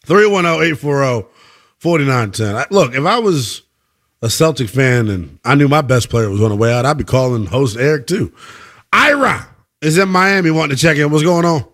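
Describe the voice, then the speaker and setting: A relaxed radio host takes calls and banters with fans in slang. His voice sits a touch high and stays friendly and loose. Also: normal speed. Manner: casual, joking, slangy. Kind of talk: sports talk radio.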